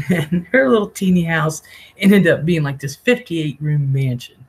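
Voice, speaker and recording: A man's voice: a little high, expressive, unhurried, breathy edge, low-quality recording. A man hosting a live stream, telling a rambling story casually, often laughing and swearing. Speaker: livestream host.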